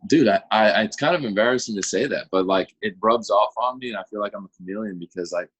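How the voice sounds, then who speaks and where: A young man, a pro baseball pitcher, chatting as a guest in a relaxed, rambling way full of fillers. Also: fast, breathy edge. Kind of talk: casual interview chat.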